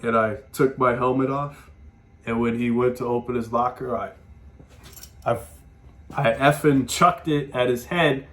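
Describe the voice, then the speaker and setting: A man's voice: mid-range voice, unhurried, pauses often. A man hosting his own show, telling stories in a casual, slangy monologue with plenty of swearing. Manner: animated, slangy, swearing, frequent "man" tags. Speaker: podcast host giving advice.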